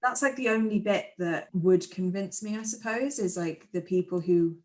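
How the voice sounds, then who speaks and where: A woman co-hosting a podcast in casual chat, retelling scenes with lively quoted voices. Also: lowish voice, normal speed. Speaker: podcast co-host.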